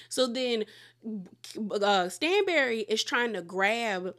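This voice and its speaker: A woman's voice: a little high, expressive, takes it slowly, fairly bright tone. A woman casually retelling a reality show fight, acting out quotes from the cast. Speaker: reality TV recap host. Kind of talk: casual chat.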